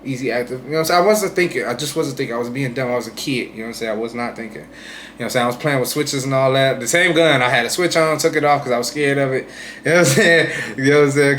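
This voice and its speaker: A man's voice: medium pitch, a little hiss or hum. Rambling young man telling a story. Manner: rambling, keeps saying "you know what I'm saying"; animated retelling, swings loud and soft. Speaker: streamer telling his own story. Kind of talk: casual storytelling.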